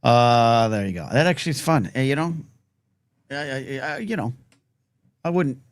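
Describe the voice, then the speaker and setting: A man's voice: medium pitch, expressive, normal speed, clear, resonant tone, dry recording, clean studio sound. A man hosting a live talk show, upbeat, reading chat questions and poll results. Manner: upbeat, frequent back-channel "mm-hmm". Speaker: host.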